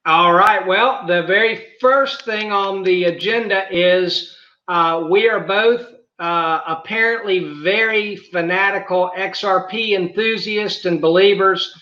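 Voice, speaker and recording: A man's voice: sits high, slow pace, sharp tone, echoey room, dull audio. A man with a Southern drawl hosting a podcast interview, speaking folksily with plenty of fillers. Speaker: podcast host. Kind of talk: casual interview.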